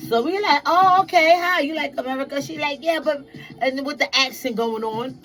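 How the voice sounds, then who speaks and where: A woman telling stories casually to her viewers, profane and animated, acting out the voices of people she quotes. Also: fairly high pitch, low-quality recording.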